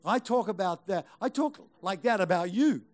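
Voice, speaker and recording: A man's voice: high-pitched, animated, normal speed, soft background music. A middle-aged male pastor preaching a sermon, urging the congregation on with rhetorical questions and repeated phrases. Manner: emphatic, exhorting with rhetorical questions and repetition.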